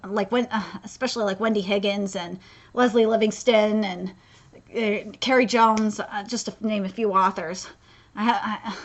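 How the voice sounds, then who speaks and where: A woman's voice: medium pitch, bright, forceful tone, muffled recording. A woman doing a casual live manga reaction, rambling and stammering, interrupting herself and swearing freely.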